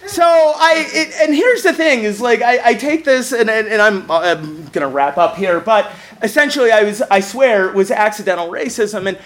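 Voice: mid-range voice, lively intonation, normal speed, hardly any pauses, a bit bright, slight background noise. A speaker telling a comic personal story, self-mocking, laughing while telling and often stammering into restarts.

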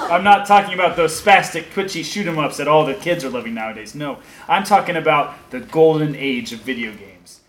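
A man's voice: fairly high pitch, very animated, a little slow, long pauses, reverberant, crowd noise. A young man narrating his own story in a comic audio drama, sardonic and crude, often chuckling. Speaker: narrator and lead actor.

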